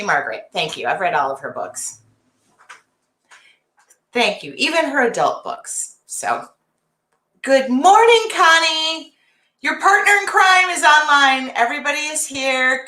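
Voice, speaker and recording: A woman hosting a casual livestream from her art studio, chatty and greeting viewers by name, her voice jumping high when excited. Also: reverberant. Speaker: host.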